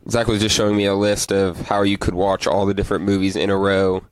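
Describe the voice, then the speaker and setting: A man's voice: sits low, fast talker, clear, resonant tone, dry recording, low-quality recording. A man co-hosting a podcast, chatting casually and rambling about movies and beer. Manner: relaxed, rambling, reads beer labels aloud. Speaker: podcast co-host. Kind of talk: casual chat.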